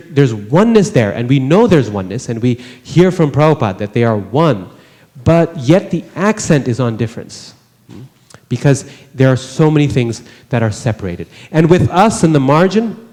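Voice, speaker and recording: A man's voice: medium pitch, big pitch swings, normal speed, a little mellow, big-room sound. A man teaching a scripture class in a conversational way, often putting rhetorical questions to the listeners. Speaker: religious teacher. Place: temple hall.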